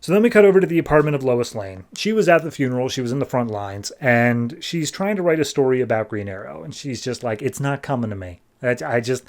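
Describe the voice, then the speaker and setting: A man hosting a podcast, casually retelling comic book scenes and quoting the characters in quick bursts of voices. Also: mid-range voice, lively intonation. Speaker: podcast host recapping comics.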